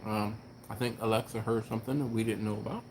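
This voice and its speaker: A man hosting a barbecue live stream, chatting casually and reading viewer comments aloud, with a laid-back, chuckling manner and drawn-out exclamations. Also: lowish voice, fairly even intonation, a little mellow, slight background noise. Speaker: barbecue channel host.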